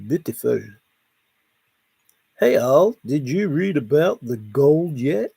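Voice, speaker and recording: In a laid-back late-night livestream, a male host with a gravelly, husky, medium-pitched voice reads viewers' comments aloud and answers them playfully and without hurry. The audio is close and dry.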